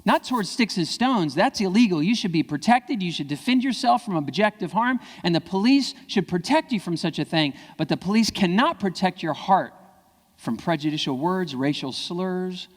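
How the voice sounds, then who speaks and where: A man gives a keynote speech in a large hall, and a long reverb trails each phrase. His voice runs high for a man and leaps up and down as he stresses his points. He talks emphatically and acts out small exchanges for the crowd. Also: moderate pace. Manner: animated, emphatic, acting out dialogue. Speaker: keynote speaker.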